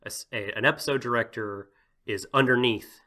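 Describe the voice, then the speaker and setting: A man's voice: mid-range voice, brisk, bright, forceful tone. A man co-hosting a podcast, talking casually in a rambling way with lots of "like" and "you know" and frequent laughter. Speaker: podcast co-host.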